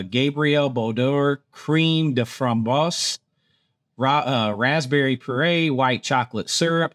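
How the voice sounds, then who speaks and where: A man's voice: mid-range voice, no echo. Male vlogger, mid-range voice, dry close recording, chatty and self-mocking. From Georgia, USA. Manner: chatty, self-deprecating, stumbles over foreign words. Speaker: theme park vlogger. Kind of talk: casual menu rundown.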